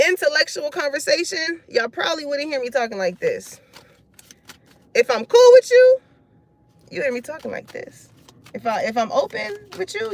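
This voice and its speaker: A woman's voice: sits high, a bit bright, no room sound. A woman doing a live card reading and chatting with her viewers. She talks loose, slangy and frank, cusses freely, and laughs often. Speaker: tarot reader.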